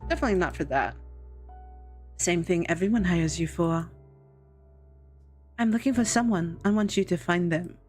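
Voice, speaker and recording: A woman voicing a tall, coolly polite female witch with a put-on French accent, speaking in a slow, formal and smug way. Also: fairly low pitch, a little mellow, breathy edge, soft background music. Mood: firm. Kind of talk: reading a visual novel aloud.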